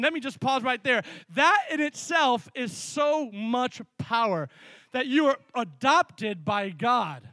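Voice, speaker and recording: A male pastor preaching a sermon with energy, mixing sudden loud emphasis with quick asides. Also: extremely high pitch, lively intonation, dry recording.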